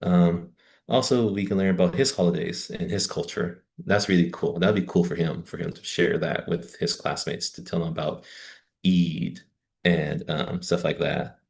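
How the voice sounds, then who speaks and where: A man's voice: low voice, fairly even intonation, moderate pace, vocal fry, a little mellow. A man with an American Southern accent, giving a casual lecture over slides as a teacher trainer, chatty with wry asides. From Southern United States.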